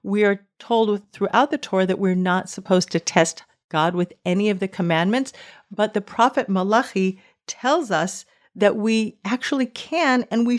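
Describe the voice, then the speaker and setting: A middle-aged woman, hosting a teaching podcast and speaking earnestly and emphatically, stressing her points and quoting scripture. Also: mid-range voice. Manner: earnest, emphatic, quotes scripture with rising intensity. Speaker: podcast host.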